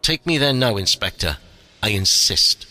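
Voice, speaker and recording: A man's voice: lowish voice, expressive, normal speed. Pushy late-fifties man, clipped demands, voiced by a male reader, faint music behind. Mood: insistent. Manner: curt, insistent, commanding. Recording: soft music underneath.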